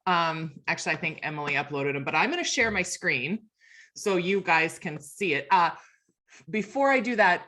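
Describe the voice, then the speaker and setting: A woman's voice: fairly low pitch, lively intonation, normal speed, sharp tone. A woman filling in as host of a video call, chatty and self-deprecating, laughing often. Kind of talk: casual video call chat.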